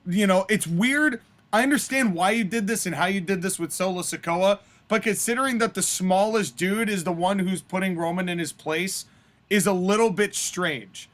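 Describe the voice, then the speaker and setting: A man's voice: high-pitched, moderate pace, a bit bright. A man co-hosting a podcast, casually reacting to and critiquing a story. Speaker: podcast co-host.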